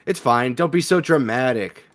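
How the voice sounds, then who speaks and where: A man's voice: medium pitch, lively intonation, normal speed, lightly acted. A man voicing a curt, grumpy young woman in a story game who answers bluntly and dismissively. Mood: impatient.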